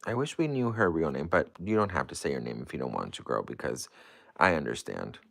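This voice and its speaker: A man's voice: very deep voice, big pitch swings, fairly quick, creaky, a bit bright. A man hosting a casual livestream, reading viewer comments aloud and chatting in an effusive, rambling way. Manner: effusive and gushing, rambling with lots of "like". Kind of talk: casual live-stream chat.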